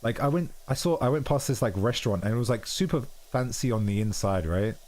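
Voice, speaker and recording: A man's voice: mid-range voice, brisk, darkish tone. Chatty young English man streaming. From England. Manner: chatty, rambling, self-deprecating, lots of "like" and "dude". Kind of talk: casual chat.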